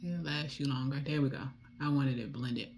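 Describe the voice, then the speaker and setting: Low-voiced woman with a D.C. accent. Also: fairly even intonation, moderate pace, a little hiss or hum. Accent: Washington, D.C. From Washington, D.C. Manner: rambling, chatty, drifts off topic; soft muttered asides while applying lipstick. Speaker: beauty vlogger. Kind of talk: casual chat while doing makeup.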